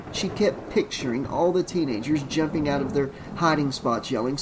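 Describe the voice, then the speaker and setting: A man's voice: fairly high pitch, normal speed, hardly any pauses, a little hiss or hum, poor audio. Man narrating a horror audiobook.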